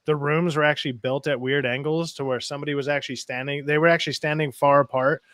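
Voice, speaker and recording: A man with a smooth, resonant voice pitched a bit high, talking emphatically in a relaxed group podcast chat. He repeats himself when he pushes back, and the sound is close and dry. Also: fast talker, no echo. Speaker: podcast co-host.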